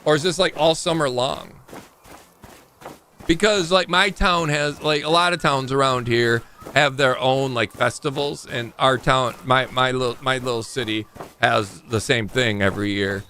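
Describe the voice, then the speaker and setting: Bright-voiced man chatting while gaming. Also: mid-range voice, fairly even intonation, measured pace, slight background noise. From Michigan. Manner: rambling, talks to chat while playing. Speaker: streamer. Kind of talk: casual livestream gaming chat.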